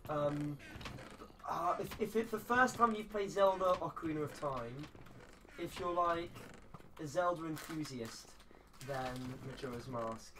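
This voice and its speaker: A streamer chatting casually through a game, chatty and quick to burst into excitement. The voice sits back from the mic. A steady background noise runs under every word. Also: mid-range voice, far from the mic. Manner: chatty, gives loud excited outbursts. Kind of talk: casual gaming chat.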